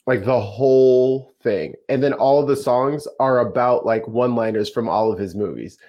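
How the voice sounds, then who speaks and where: A man's voice: medium pitch, normal speed, lo-fi sound. A man, the podcast's producer, chatting casually with rambling asides. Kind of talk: casual chat.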